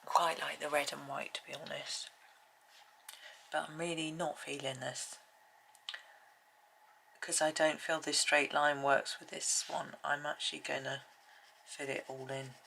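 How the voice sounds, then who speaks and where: Low, gravelly, soft-spoken woman. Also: little pitch movement, unhurried, long pauses, slight background noise, low-quality recording. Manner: gentle, rambling, often drops to a near whisper. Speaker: colouring video host. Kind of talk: soft-spoken colouring tutorial chat.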